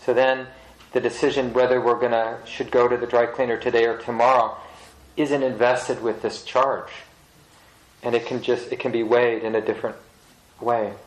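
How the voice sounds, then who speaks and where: A man with a middle-pitched voice gives a reflective meditation talk, gentle and halting. His voice carries with the echo of a roomy hall. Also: little pitch movement. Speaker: meditation teacher. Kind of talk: dharma talk.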